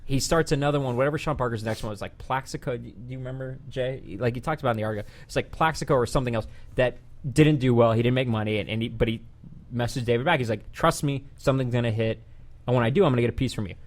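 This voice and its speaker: A man hosting a laid-back podcast, spinning a long yarn with plenty of swearing. He slips into quoted lines as he goes, with an animated, chatty delivery at an ordinary pitch. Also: fast. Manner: animated, profane retelling with voiced quotes. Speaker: podcast host. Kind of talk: casual podcast storytelling.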